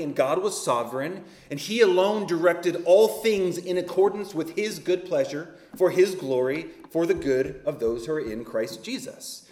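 A man preaching a sermon as pastor, building emphatically on key words and then dropping to a soft, low delivery. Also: reverberant.

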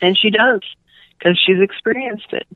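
A woman with a Cuban-New York accent, a guest author, telling a rambling, animated story in a casual interview. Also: mid-range voice, moderate pace, dry recording. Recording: tinny phone line.

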